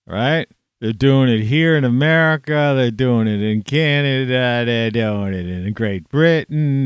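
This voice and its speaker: A man ranting to camera in a rambling, profane monologue, scornful and swearing constantly, with sudden loud outbursts. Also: fairly low pitch, clean tone, dry recording. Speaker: vlogger.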